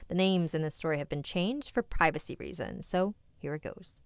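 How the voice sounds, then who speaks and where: A woman with a slightly low, smooth voice reads viewers' scary stories aloud on a livestream. Between stories she turns candid and chatty, talking straight to the chat. Her voice sounds dry and close, with no room echo. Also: lively intonation, moderate pace. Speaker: host and story reader.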